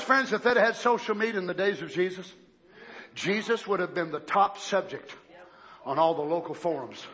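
A man preaching a fiery sermon, shouting and swinging into mocking impressions. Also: high voice. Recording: lo-fi muffled sound.

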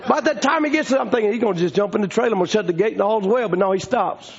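A man preaching a storytelling sermon, folksy and rising to shouting fervor. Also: sits high, rapid-fire, hardly any pauses. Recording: dull lo-fi sound.

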